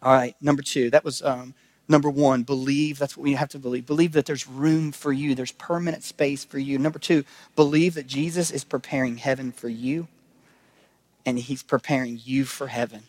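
A man pastor giving a sermon, talking in a conversational way that rises to emphatic calls and drops to hushed asides. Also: mid-range voice, fairly even intonation, normal speed, no room sound.

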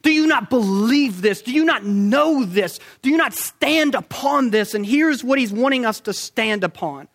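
A male preacher with a notably high-pitched voice delivers a sermon. He is emphatic, stacks rhetorical questions and slows down to drive home his points. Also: animated, fairly bright tone.

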